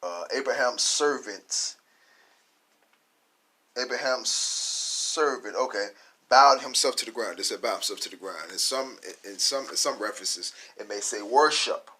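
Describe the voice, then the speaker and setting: Husky, emphatic male Bible teacher. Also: on the low side, unhurried. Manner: emphatic, loud stresses on key words, asks and answers own questions. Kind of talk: scripture teaching.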